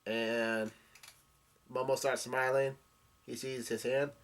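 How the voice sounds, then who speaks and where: A man casually recapping a comic chapter, halting and full of fillers as he goes. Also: mid-range voice, little pitch movement. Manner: halting, with many fillers and restarts. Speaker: manga reader and recapper.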